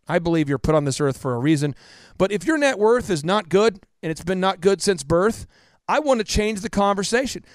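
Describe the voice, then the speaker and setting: A man in his thirties tells stories as a podcast guest. He pushes his points with emphatic repetition and sinks to a hush in tender parts. His voice sits slightly high and sounds close and dry. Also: no echo. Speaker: podcast guest, business coach. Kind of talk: impassioned storytelling interview.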